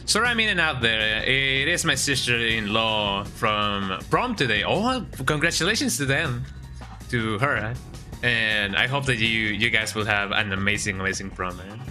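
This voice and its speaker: A male streamer chats loosely and jokingly with his viewers, often tagging lines with "eh?". His voice sits on the low side. Game music runs loudly behind him. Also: lively intonation, normal speed. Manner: joking, rambling, says "eh?" a lot. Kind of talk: casual livestream chat.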